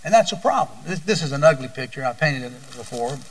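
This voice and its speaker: A man's voice: medium pitch, animated, fast, recorded from a distance, rough recording. An older man preaching a sermon as a pastor, telling folksy stories and often repeating his words.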